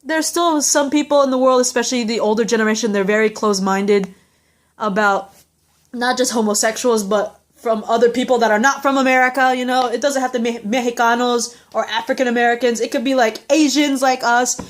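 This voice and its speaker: Young woman w a kinda high voice rambling through a tv episode recap, lots of ums and likes, heartfelt. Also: fairly even intonation, fairly quick. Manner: rambling and heartfelt, with many fillers.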